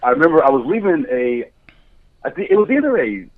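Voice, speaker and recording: A man's voice: a little high, big pitch swings, a little fast. Man on a tinny phone-like line. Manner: candid, chatty storytelling with frequent laughs. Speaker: guest, motion capture director. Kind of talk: casual podcast chat.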